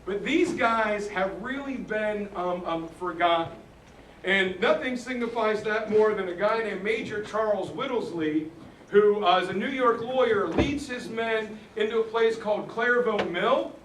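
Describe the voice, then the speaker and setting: Man, fairly high voice, earnest history storyteller, recorded in a roomy space from a distant mic. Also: a little slow, a bit bright, slight background noise. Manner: earnest retelling that acts out quoted soldiers. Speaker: speaker on history.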